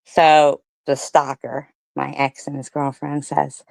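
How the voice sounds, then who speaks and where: Gravelly low-voiced woman ranting. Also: flat delivery, takes it slowly, hardly any pauses, a little mellow, no room sound. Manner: profane, mocking and combative; sarcastic asides and rhetorical questions. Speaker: commentary streamer. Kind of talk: ranting commentary on comments read aloud.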